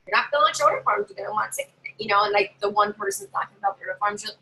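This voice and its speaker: A woman's voice: mid-range voice, rapid-fire, vocal fry, pushed and bright, a little hiss or hum, rough recording. A woman giving casual how-to tips to camera as a party sales consultant, chatty and bossy, talking from her desk at home. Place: home desk with a drawer and her dog nearby.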